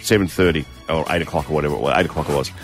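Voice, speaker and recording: A man's voice: very deep voice, rapid-fire, soft background music. A middle-aged man with an Australian accent, co-hosting breakfast radio and telling a family story in a jokey, laughing way. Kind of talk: casual radio chat.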